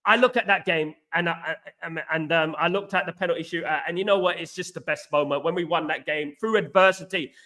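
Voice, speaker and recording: A man from East London with a Cockney accent, hosting a live football reaction chat, excitable and greeting viewers by name while repeating his stock phrases. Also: on the high side, fairly quick, few pauses. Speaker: host of a football reaction livestream.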